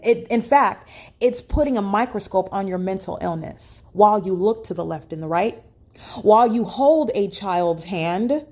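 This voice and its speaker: A woman's voice: mid-range voice, a little mellow. Emphatic woman talking alone in a hotel room. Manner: emphatic and repetitive, with frequent fillers. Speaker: vlogger documenting her day. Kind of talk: solo spoken monologue to camera.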